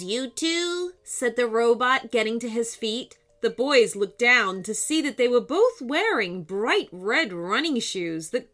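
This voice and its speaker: A woman's voice: fairly high pitch, fairly bright tone. A woman narrating a children's story expressively, voicing sound effects as she reads.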